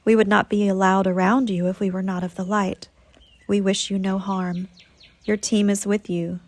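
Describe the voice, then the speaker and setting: A woman voicing a group of calm, reassuring spirit beings in a soothing, measured way. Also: mid-range voice, no echo, lightly acted.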